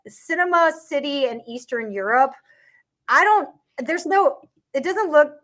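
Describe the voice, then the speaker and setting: A market commentator chats casually online about an investment topic, laughing frequently and restarting sentences amid many fillers. She speaks at a measured pace in an animated, somewhat bright voice that sits high.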